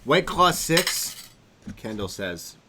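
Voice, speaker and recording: A man's voice: medium pitch, very animated, slow pace, bright, forceful tone, a little hiss or hum. A man co-hosting a live podcast stream, chatting casually and joking with frequent laughter. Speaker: podcast co-host.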